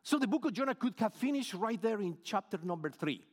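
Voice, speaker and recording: A man's voice: high voice, expressive, a little fast, big-room sound. A middle-aged man from Colombia with a Colombian Spanish accent, preaching a sermon in English, his second language, earnestly and often repeating words while searching for phrasing. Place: church sanctuary.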